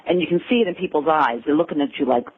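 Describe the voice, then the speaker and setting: A woman's voice: low voice, very fast, breathy edge. An American woman talking as an interview guest, telling stories and acting out quotes with a laugh. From United States. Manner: animated storyteller who acts out quotes and laughs. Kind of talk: casual interview conversation. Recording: tinny phone line.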